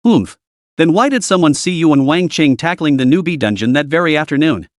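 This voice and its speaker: A man's voice: on the high side, animated, a little fast, dry recording, studio quality, natural voice. A man voicing a cunning, relentless male interrogator who presses with rising questions. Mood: probing.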